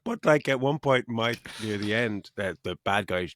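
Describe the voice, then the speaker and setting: A man's voice: lowish voice, expressive, normal speed, a bit bright, a little hiss or hum. A middle-aged man co-hosting a casual film review podcast, swearing a lot and mocking the plot with frequent laughs. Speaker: podcast co-host.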